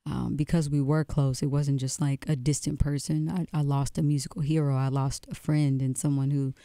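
A woman speaks in a low, smooth and mellow voice, earnest and a little halting as she tells her story. She sits at a dry, close studio microphone. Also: level tone, dry recording. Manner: earnest, halting, with many restarts. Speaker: musician guest on radio show. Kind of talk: casual interview storytelling.

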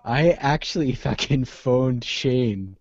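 A Canadian man co-hosting a casual beer podcast, laid-back and unhurried. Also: mid-range voice, a little mellow, no room sound. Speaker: podcast co-host. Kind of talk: casual chat over beers. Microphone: video call. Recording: dry muffled online call.

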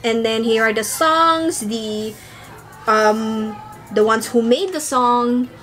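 High, gushing young woman. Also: slow, soft background music. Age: young adult. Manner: gushing, squealing fangirl excitement. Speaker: vlogger. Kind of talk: excited unboxing chat.

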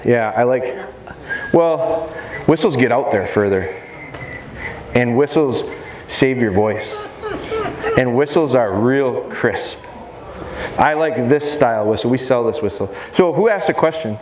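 A man in a mid-pitched voice runs a live dog-training seminar with lively, swooping intonation and a joking, demonstrative delivery. He is heard through an echoey expo hall with faint background noise. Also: measured pace, long pauses. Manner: animated, demonstrative, jokey.

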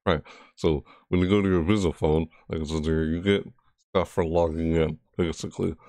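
A man's voice: low voice, steady tone, moderate pace, dark tone, no room sound, clean studio sound. A man giving casual, rambling commentary while playing a video game, often correcting himself and reading game text aloud. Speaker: gaming YouTuber.

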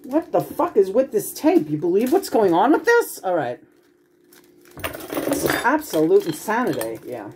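A woman's voice: medium pitch, huge pitch swings, normal speed, noisy background. A woman venting in a casual home video, frustrated and profane, rambling with many restarts. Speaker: vlogger.

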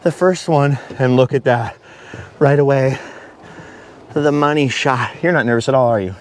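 A middle-aged man vlogging outdoors from a high forest walkway, nervous and breathless, laughing at himself and repeating his worries. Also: normal speed, a little hiss or hum. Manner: jittery and self-mocking, laughs often, repeats himself. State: breathless from nerves. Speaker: travel vlogger. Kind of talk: nervous chatter to camera while walking a treetop trail.

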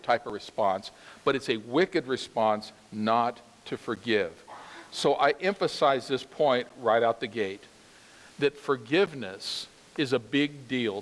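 A man preaching a sermon to his congregation, animated and emphatic, asking them questions directly. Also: medium pitch, unhurried, big-room sound. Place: church sanctuary.

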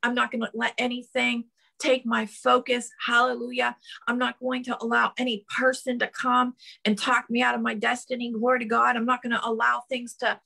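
A woman's voice: fairly high pitch, level tone, a little fast, vocal fry, sharp tone. A middle-aged woman preaching a sermon in fervent, repeated declarations, often restarting her phrases. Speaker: prophetess preaching.

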